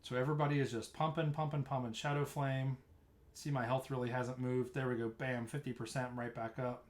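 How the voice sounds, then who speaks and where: A man's voice: mid-range voice, level tone, a little fast. A man casually explaining tanking tactics while narrating a replay of his own gameplay, talking loosely with frequent restarts. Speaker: streamer explaining raid tanking.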